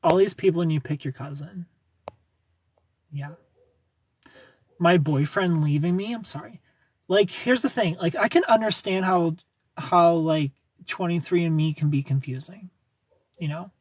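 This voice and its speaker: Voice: mid-range voice, a little slow, long pauses, a little mellow, husky, no room sound. A young adult livestreamer chatting casually with viewers, sarcastic and laughing often as they answer comments by name. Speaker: livestreamer reading chat.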